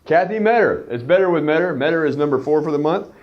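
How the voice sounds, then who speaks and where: A man talking to camera as a company's CEO in a weekly video, reading out sales rankings with playful jokes and announcer-style shout-outs. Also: a little high, expressive, fast talker, dull audio. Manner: chatty and jokey, hyping up names like an announcer.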